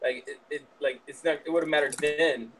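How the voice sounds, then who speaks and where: A man's voice: fairly high pitch, fairly even intonation, normal speed, a bit bright, a little hiss or hum, poor audio. A man in casual chat giving blunt, profane advice to a friend.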